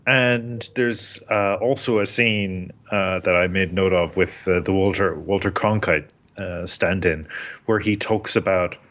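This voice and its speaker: A man co-hosting a podcast in casual chat, enthusiastic and quick to laugh. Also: deep voice, lo-fi sound. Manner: enthusiastic, laughs often, animated when quoting. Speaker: podcast co-host.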